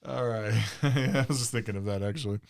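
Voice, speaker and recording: A man's voice: medium pitch, brisk. Male podcast co-host for a story-reading segment, laughs through his reading. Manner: laughs often while reading. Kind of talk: reading funny stories aloud.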